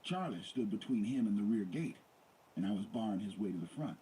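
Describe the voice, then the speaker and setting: A man's voice: on the low side, lively intonation, a little fast, dark tone, a little hiss or hum, poor audio. A man reading a first-person story aloud in a dramatic, intense manner. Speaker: audiobook reader.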